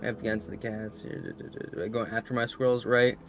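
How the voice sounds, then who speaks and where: A man's voice: lowish voice, brisk, gravelly, soft background music. A man streaming a game, chatting casually, telling rambling stories full of swearing and reading his chat aloud.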